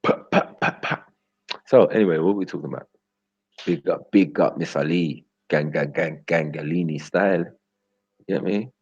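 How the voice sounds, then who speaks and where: Bantering with his chat in loose street slang, a young livestream host rambles and laughs a lot. He has a slightly rough, a little mellow bass voice at normal speed. The lo-fi stream audio sounds dull, without any room sound.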